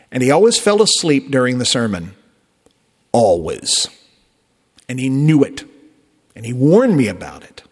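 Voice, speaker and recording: A male pastor preaching a sermon in a conversational way, with emphatic rises and soft drops. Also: medium pitch. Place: church sanctuary. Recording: long reverb of a church.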